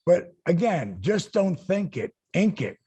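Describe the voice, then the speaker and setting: A man's voice: sits high, measured pace, breathy edge. A man in his sixties, a podcast host, telling a story in casual talk and acting out the lines he quotes. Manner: animated, acts out quoted lines. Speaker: podcast host, former wrestler.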